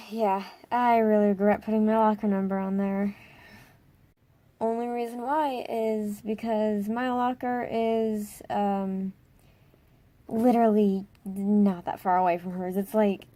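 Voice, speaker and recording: In a laid-back storytime vlog, a teen girl recounts something that happened at school, packing her speech with filler words and letting out dramatic squeals in her excitement. Her voice sits in the mid-range.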